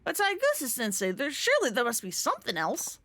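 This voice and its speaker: A woman's voice: high-pitched, wildly swooping pitch, fairly quick, pushed and bright, slight background noise, heavily acted. A woman reading aloud as an earnest young female student who answers politely and eagerly. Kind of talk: reading game dialogue aloud.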